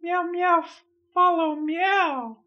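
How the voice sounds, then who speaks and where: A man's voice: very high-pitched, steady tone, slow pace, bright, forceful tone, muffled recording, voice pushed up, heavily acted. A man voicing an insecure female puppet cat who whines and works meows into every sentence. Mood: pleading.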